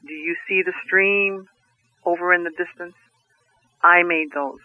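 A man voicing a booming, commanding Creator spirit. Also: steady tone, no room sound. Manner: slow, solemn, commanding. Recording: tinny phone-like line.

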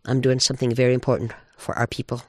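A man's voice: mid-range voice, flat delivery, fast, dry recording, studio quality, natural voice. A man doing a curt weary badger. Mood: annoyed. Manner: curt, dismissive.

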